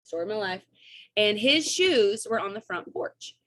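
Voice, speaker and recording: A woman, coaching her sales team on a video call in an energetic, chatty way and often checking in with "right?" and "okay?". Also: medium pitch, normal speed. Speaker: network marketing coach.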